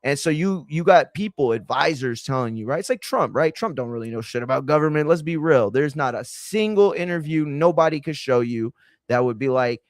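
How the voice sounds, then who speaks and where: A man's voice: medium pitch, lively intonation, fairly quick, no room sound, studio quality. Profane man ranting heatedly. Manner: profane, heated and frustrated, lots of filler and restarts. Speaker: wrestling and boxing podcast host. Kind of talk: casual ranting commentary.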